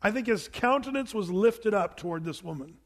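A man's voice: sits high, animated, moderate pace, long reverb tail. A man preaching a casual, joking sermon, acting out the people in his stories. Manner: informal, joking asides, acts out the people in the stories. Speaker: pastor. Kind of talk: conversational sermon.

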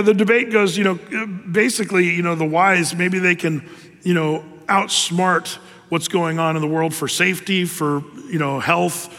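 A man's voice: sits high, a bit bright. A male pastor preaching a sermon, in an emphatic, sarcastic, joking manner. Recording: long hall reverb.

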